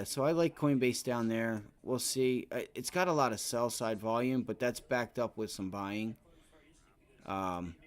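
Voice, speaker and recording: Trader host, man in his 30s, mid-pitched, casual running commentary, mutters and cusses. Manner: talks to himself and the chart, swears, frustrated at times. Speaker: day trading livestream host. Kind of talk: casual live trading commentary.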